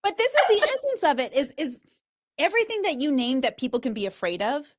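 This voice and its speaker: A woman's voice: high voice, fast, no echo. Emphatic woman speaker, dry close sound. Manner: emphatic, animated storytelling. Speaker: public speaker and trainer. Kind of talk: conversational podcast interview.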